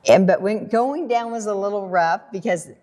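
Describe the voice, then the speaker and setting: An American woman telling a personal story in a casual talk, animated and laughing often while she acts out what people said. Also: medium pitch, normal speed. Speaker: guest storyteller.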